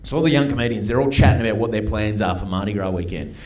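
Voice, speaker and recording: A middle-aged man with an Australian accent, performing a stand-up comedy set in a club and telling chatty, punchy stories with quick mock voices. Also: fairly low pitch, a little mellow, a little hiss or hum. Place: comedy club stage before a live audience.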